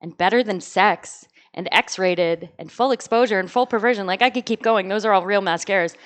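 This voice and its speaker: A woman's voice: medium pitch, moderate pace. A young woman from just outside Boston, telling stand-up jokes in a chatty way, with lots of "like". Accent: none (General American, no Boston accent). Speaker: stand-up comedian. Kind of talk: stand-up comedy duel.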